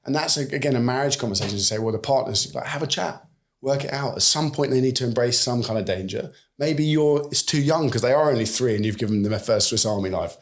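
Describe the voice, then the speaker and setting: British guest in his forties, gravelly mid-range voice, lively storyteller who slips into quoted voices. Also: mid-range voice, quick pace. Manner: animated storyteller who acts out quoted dialogue. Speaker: podcast guest. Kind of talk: conversational podcast interview.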